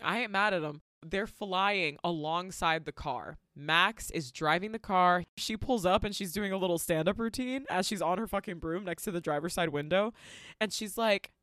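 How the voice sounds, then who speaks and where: A woman podcast co-host recapping a movie in a casual, profane, animated storytelling style. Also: lowish voice, moderate pace, hardly any pauses, no echo, clean studio sound.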